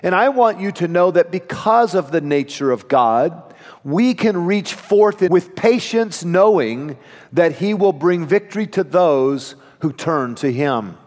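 A pastor preaching a sermon in an earnest, emphatic manner with dramatic pauses. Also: male voice, fairly high pitch, animated, a little mellow, long reverb tail. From United States.

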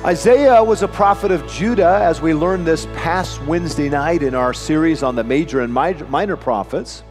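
A pastor preaching a sermon in an earnest, emphatic manner with dramatic pauses. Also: male voice, on the high side, long reverb tail, music in the background. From United States.

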